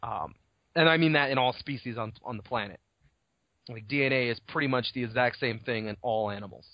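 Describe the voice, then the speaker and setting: A man's voice: medium pitch, brisk, no room sound. Guy recapping a book on a podcast, swears a lot, dull dry lo-fi audio. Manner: rambling recap, swearing, acts out characters' lines. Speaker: podcast co-host. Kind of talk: casual chat summarizing a novel chapter. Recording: dull lo-fi home recording.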